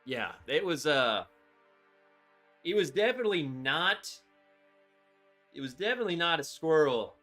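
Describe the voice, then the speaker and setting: A man hosting a livestream, telling a story in an animated, excitable way with lots of "like"s. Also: a little high, measured pace, pauses often, faint music behind. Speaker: livestream host.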